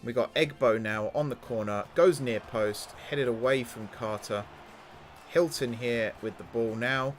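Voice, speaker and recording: A man with a mid-range, unhurried voice hosts a gaming channel, casually commentating a football management game. He's excitable and urges the game's players on directly, with faint music in the background.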